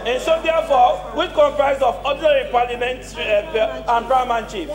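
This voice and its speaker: A man's voice: very high voice, fairly even intonation, moderate pace, roomy sound, music in the background. A man speaking in parliament, pressing his point insistently and repeating it to address the speaker. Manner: insistent, repetitive argument. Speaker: member of parliament. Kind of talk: parliamentary debate. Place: parliament chamber.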